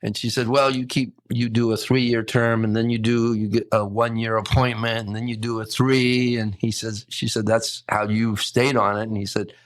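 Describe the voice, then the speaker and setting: An older man, a hotel general manager, telling a story in a lively way and acting out the quotes. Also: medium pitch, moderate pace, hardly any pauses, no room sound. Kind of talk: casual storytelling.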